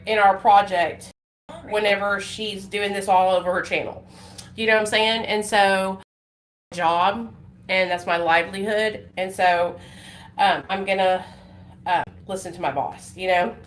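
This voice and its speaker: A woman, chatting on a casual live stream in a rambling, emotional way with many fillers and restarts. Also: medium pitch. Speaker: livestreaming vlogger. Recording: echoey room with faint noise.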